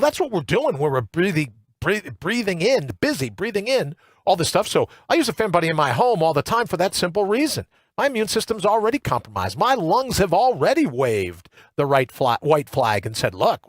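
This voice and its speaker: A man hosting a morning talk show in a studio, ranting in an animated, colloquial monologue full of asides. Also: high-pitched, no echo. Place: radio studio. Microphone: studio microphone with earpiece.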